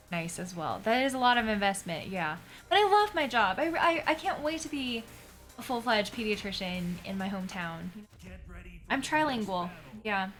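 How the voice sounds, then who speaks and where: A woman's voice: mid-range voice, a bit bright. A woman in her thirties, a doctor in training, chatting casually on a live stream in a bubbly way, with many fillers.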